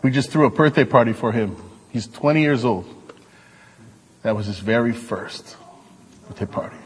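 A male preacher giving an animated, joking sermon to his congregation. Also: medium pitch, normal speed, slightly rough, long reverb tail. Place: church hall.

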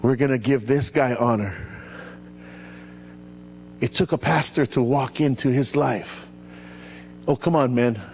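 A man preaching a sermon as pastor, animated and playful, calling out to his congregation and asking them to repeat after him. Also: mid-range voice, a little slow, long pauses. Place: church hall. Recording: echoey hall with faint hum.

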